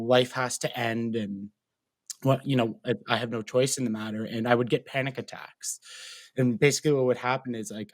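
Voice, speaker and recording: Speaking with a Canadian accent, this young interview guest and mental health advocate tells his own story earnestly, rambling freely and using many fillers. His voice is mid-range, with no echo.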